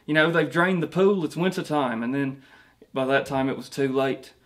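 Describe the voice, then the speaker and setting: A man's voice: mid-range voice, moderate pace, a bit bright, lightly acted. A man playing a vain, self-pitying, washed-up male rock singer with a British accent, rambling through a mockumentary interview with many restarts. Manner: rambling, boastful, stumbling restarts.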